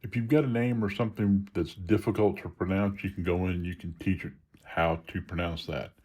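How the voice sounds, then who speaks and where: Husky and dark-toned, this man's low voice stays steady as he briskly demonstrates phone settings on video. His screen-reader tutorial is relaxed, covering every step with a few small restarts.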